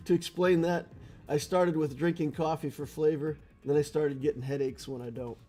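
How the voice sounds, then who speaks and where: Playing a mobile strategy game on stream, this man keeps up relaxed commentary, tells stories between moves and laughs a lot. He speaks on the high side in a steady, mellow voice at a moderate pace, with soft music in the background.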